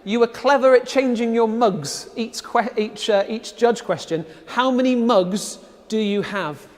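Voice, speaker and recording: A man's voice: very high voice, measured pace, in a large hall. A man hosting a live online event, upbeat and chatty with frequent fillers. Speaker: host.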